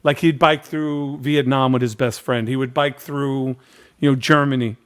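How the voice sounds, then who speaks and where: A man's voice: medium pitch, normal speed, clear, resonant tone. A middle-aged man hosting a podcast, telling a long story in casual chat and acting out the people he quotes with lots of repetition. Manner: animated storyteller, acts out quotes, repeats phrases. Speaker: podcast host.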